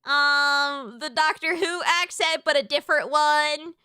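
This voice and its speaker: An American woman streaming live, chatting casually with her viewers in an excitable, sweary way with quick comebacks. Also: high voice, dry recording. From United States.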